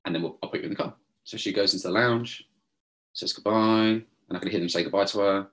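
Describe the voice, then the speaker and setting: Fast-talking low-voiced man. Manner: animated, mimics others in quotes, swears freely. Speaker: podcast co-host. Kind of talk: casual storytelling chat.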